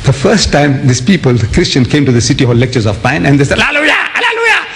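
A man from India, raised in South Africa, giving an animated public religious lecture, spelling words out letter by letter and mimicking others. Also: medium pitch, fast, a little hiss or hum. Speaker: Islamic lecturer.

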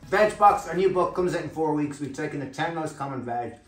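A man's voice: on the high side, fast talker, reverberant. A man hosting a cooking show, walking through a recipe step by step in an upbeat, chatty way. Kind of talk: cooking demonstration. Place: kitchen.

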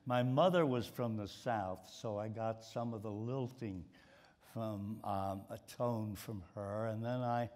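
A low-voiced older man with a mid-Atlantic American accent talks on a stage before a live audience. He tells stories in a rambling way and often repeats words as he goes. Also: fairly even intonation, unhurried, a little mellow. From Baltimore, USA. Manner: storytelling, with frequent repeated words. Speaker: guest, sports writer. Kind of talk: stage conversation.

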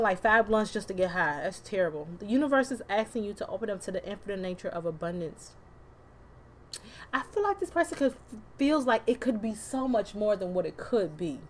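A woman with a medium-pitched voice does a casual tarot reading to camera, chatty and loose, full of slang, swearing, and laughing asides. There's slight background noise.

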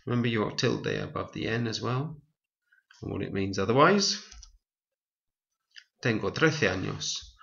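Low gravelly male Spanish tutor. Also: animated, a bit bright, highs cut off. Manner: explains clearly, reads dialogue lines slowly. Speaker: Spanish teacher. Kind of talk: recorded language lesson.

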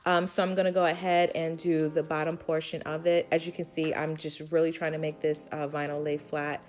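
Low-voiced woman with a Brooklyn accent. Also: little pitch movement, fairly quick, darkish tone, soft background music. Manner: chatty, step-by-step, frequent ums. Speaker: DIY vlogger. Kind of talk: casual tutorial voice-over.

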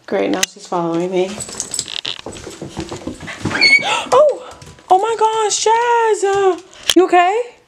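Bubbly high-voiced young woman vlogging. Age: young adult. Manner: excitable and gushing, full of "like". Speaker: college student vlogger. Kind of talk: casual vlog chat.

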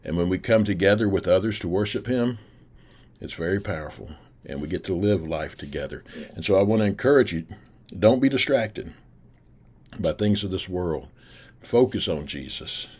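Deep-voiced earnest male preacher. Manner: earnest, encouraging preaching with repeated phrases. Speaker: pastor. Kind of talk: recorded sermon to a youth camp. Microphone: recorded for video.

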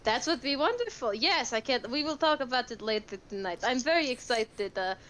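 A woman's voice: on the high side, lively intonation, fairly quick, a bit bright, a little hiss or hum. A woman playing a tabletop game, eagerly rambling in character and restarting often. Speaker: player. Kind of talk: tabletop role-play in character.

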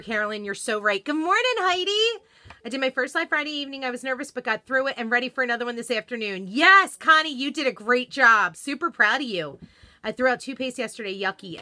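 A woman's voice: a little high, pushed and bright, no echo. A woman hosting a live craft demonstration from home, chatting with viewers and reading their comments aloud. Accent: American. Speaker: craft livestream host.

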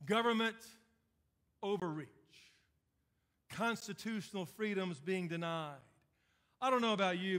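A man's voice: sits high, fairly quick, pauses often, fairly bright tone. A man preaching a sermon as pastor, building points through emphatic repetition and dry sarcasm.

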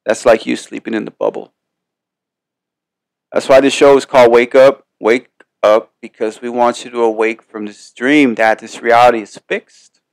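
A man's voice: medium pitch, fairly even intonation, moderate pace, creaky, no echo. A man hosting a podcast, giving a casual motivational monologue in a rambling, emphatic way full of swearing. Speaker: podcast host.

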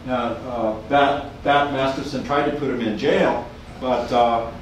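A man's voice: mid-range voice, steady tone, a little slow, slight background noise. A man giving a university lecture with slides, rambling and hesitant with many restarts. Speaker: university professor giving a talk. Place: lecture room. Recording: echoey room from far off.

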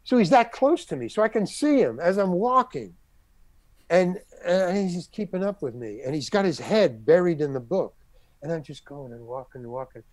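A man's voice: on the high side, moderate pace, no echo. An older man, a guest on an interview show, telling a long anecdote and acting out the people in it. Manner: animated storyteller who acts out the people in his story.

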